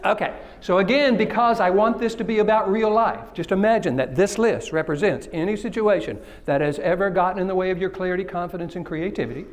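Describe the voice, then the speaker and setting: A man's voice: high-pitched, fairly quick, few pauses. A man from Texas giving an interactive conference keynote, joking with the audience and asking them questions. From Kilgore, Texas. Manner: engages the audience, jokes and asks questions. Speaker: keynote speaker. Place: conference stage.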